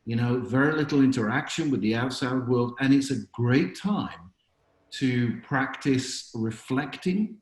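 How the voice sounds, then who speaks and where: A man's voice: mid-range voice, expressive, a little slow. Reflective male chaplain telling a story, echoey room. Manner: reflective, speaks in anecdotes with frequent fillers. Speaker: chaplain and author, podcast guest. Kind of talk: conversational storytelling interview.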